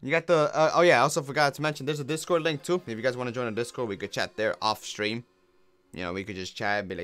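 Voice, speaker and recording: A man's voice: mid-range voice, fast talker, fairly bright tone, soft background music. A man streaming a video game, talking casually and rambling while often laughing at his own jokes. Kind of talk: casual gameplay commentary.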